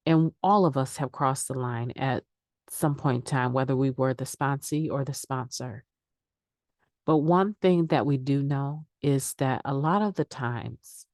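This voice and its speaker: A woman's voice: extremely low pitch, a little mellow, no echo, studio quality. A middle-aged woman speaking candidly at a recovery meditation, sharing her own experience in a conversational way. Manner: candid, conversational, acts out quoted excuses. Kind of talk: daily meditation reading and sharing.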